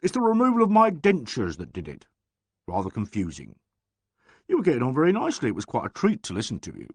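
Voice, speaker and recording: A man's voice: medium pitch, wildly swooping pitch, fast, no room sound. A polite, deferential police inspector, as a male narrator plays him. He speaks in a soothing, courteous way, with a dry, close sound.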